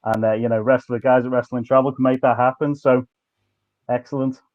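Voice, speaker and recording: A man's voice: mid-range voice, flat delivery, brisk, no echo. Podcast host man on dull dry audio. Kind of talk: casual interview.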